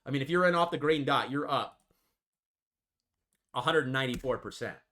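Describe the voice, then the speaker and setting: Bright-voiced man pushing market calls. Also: medium pitch, moderate pace. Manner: emphatic and repetitive, tags lines with okay and folks. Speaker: trading channel host. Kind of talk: market commentary over charts.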